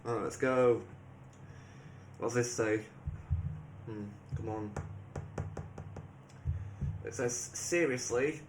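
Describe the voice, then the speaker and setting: A man giving rambling, excitable casual commentary, often laughing and restarting his sentences. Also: mid-range voice, very slow, long pauses, a little hiss or hum. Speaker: video creator. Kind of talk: casual commentary reading AI replies aloud.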